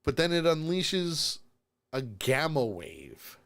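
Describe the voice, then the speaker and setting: A man's voice: fairly high pitch, slow, clean tone. A tired man co-hosting a live-streamed podcast, casually recapping a show and acting out lines with frequent laughs. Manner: animated storyteller, acts out quotes and laughs often. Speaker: podcast co-host. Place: streaming from home.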